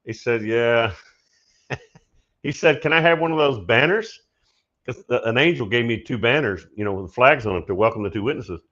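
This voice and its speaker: A man hosting a prophetic teaching show, telling a story in a casual, animated way and laughing often. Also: mid-range voice, normal speed, highs cut off. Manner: animated, laughs often, shouts when acting out his story. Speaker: prophetic minister and show host.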